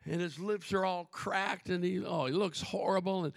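A man preaching a fervent sermon to his congregation, swinging from booming shouts to soft asides and calling out to the crowd. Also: fairly even intonation, normal speed, vocal fry, no room sound, clean studio sound. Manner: calls out to the congregation.

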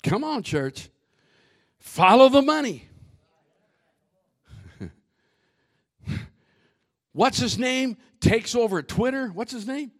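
A man preaching a sermon as pastor, swinging from shouted lines to hushed asides, often repeating and restarting his words. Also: very high voice, lively intonation, slow pace, pauses often.

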